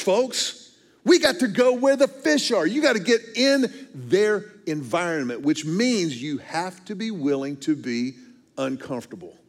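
A man preaching a sermon, telling a fishing story with jokes and lively emphasis. His voice sits a bit high for a man. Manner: animated, humorous storytelling. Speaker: pastor.

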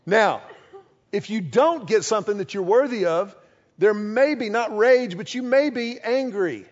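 A man preaching a sermon, lively and conversational, acting out short quoted exchanges as he goes. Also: sits high, unhurried, muffled recording. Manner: animated, acts out little quoted exchanges. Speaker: pastor.

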